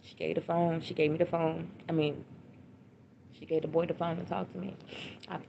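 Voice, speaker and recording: Gravelly-voiced woman recounting a loss. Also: sits low, flat delivery, moderate pace. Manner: repetitive, blunt and emotional, with slang and restarts. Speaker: grieving mother telling her story. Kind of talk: livestream personal account. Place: home livestream. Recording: dull lo-fi stream audio with noise.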